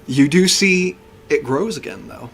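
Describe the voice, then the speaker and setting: A man narrating a tabletop game as game master, slowing to hushed description. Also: a little high, animated, gravelly, breathy edge.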